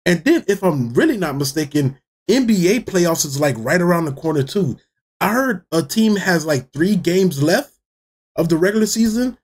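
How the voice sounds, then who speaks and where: A man's voice: sits high, moderate pace, slightly rough. A man hosting a sports reaction video, talking casually, laughing and swearing as he reacts. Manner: excitable, laughing, swearing freely. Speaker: reaction channel host.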